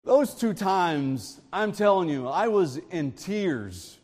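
High-voiced preacher in a reverberant hall. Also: male voice, takes it slowly. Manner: storytelling, informal and animated. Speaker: pastor. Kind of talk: sermon. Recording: long reverb of a large hall.

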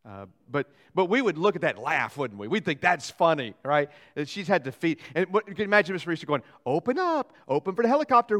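A man preaching a sermon as pastor, lively and joking, acting out quotes and asides. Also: on the high side. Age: young adult or middle-aged, father of young boys.

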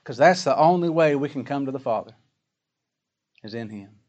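A man preaching a sermon, folksy and plain-spoken, full of rhetorical questions, reading scripture slowly and with weight. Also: medium pitch, lively intonation, a little mellow, muffled recording. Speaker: pastor.

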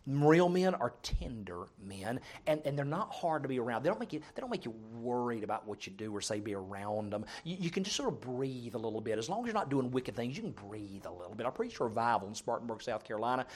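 A middle-aged preacher delivering a sermon to a men's prayer meeting. He tells humorous family stories in an earnest, folksy way, rising loud for emphasis and dropping soft for serious points. His voice sits in an ordinary male pitch. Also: very animated, a little fast, husky. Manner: storytelling, humorous, swings between loud and soft.

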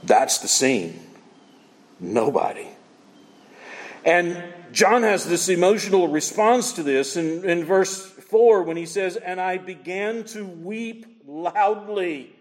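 Male pastor, high and very animated, emphatic rhetorical preaching, long hall reverb. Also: slow. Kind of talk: sermon.

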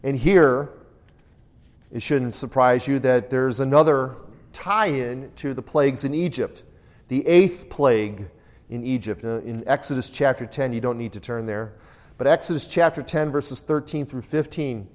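A man's voice: medium pitch, a little slow. Man teaching a Bible study. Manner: asks the group questions and repeats their answers; reads scripture aloud in a raised voice.

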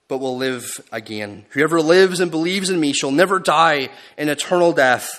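A man preaching a sermon. He speaks expressively, dropping low and soft for quoted lines and rising for emphasis. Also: lively intonation, a little fast, hardly any pauses.

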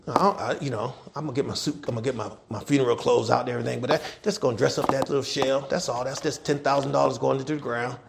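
A man preaching a sermon as pastor, swinging between shouted scripture and quiet, quick asides, repeating key lines for his congregation. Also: mid-range voice, steady tone, gravelly, noisy background. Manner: repetitive, call-and-response preaching. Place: church with congregation.

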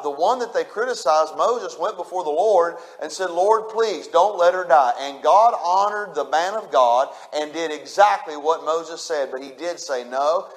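A man preaching a sermon, repeating his points with emphasis and speaking straight to the congregation. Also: fairly high pitch. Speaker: pastor.

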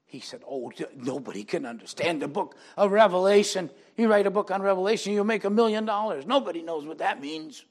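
A man's voice: high-pitched, animated, brisk, hardly any pauses. An older man, a pastor, preaching a sermon and telling a personal testimony, acting out the people he quotes in dialogue and rising into emphatic preaching.

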